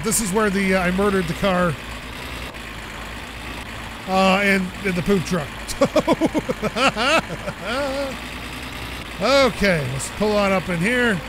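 Excitable male game commentator with a high voice, engine rumble loud under him. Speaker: let's play host. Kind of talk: casual gameplay commentary.

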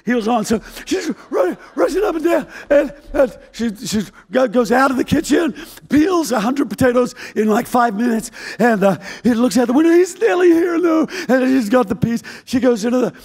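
An older male pastor preaching a sermon, telling a story in an animated, comic, fast-moving way. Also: very high-pitched, slightly rough.

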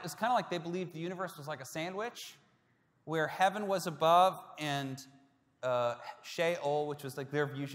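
A male pastor preaching a sermon, telling a story that swings between hushed, quiet passages and loud, emphatic peaks. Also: on the high side, big-room sound.

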